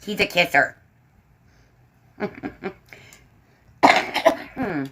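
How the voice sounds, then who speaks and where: A woman's voice: low voice, slow pace, long pauses, fairly bright tone, poor audio. A woman hosting a casual livestream from home, chatting to her viewers and her dogs. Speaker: livestream host. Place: home room. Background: dogs barking.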